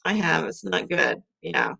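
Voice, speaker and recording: A woman's voice: deep voice, animated, measured pace, creaky, sharp tone. A middle-aged woman teaching vocabulary to young children, sounding out letters and syllables.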